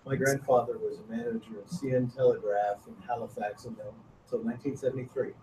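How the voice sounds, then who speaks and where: A man calls out brief, conversational remarks from the audience, well away from the microphone. Noticeable background noise sits under his voice, which has a middling pitch. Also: steady tone, fast, dark tone. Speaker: audience member. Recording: distant voice over background noise.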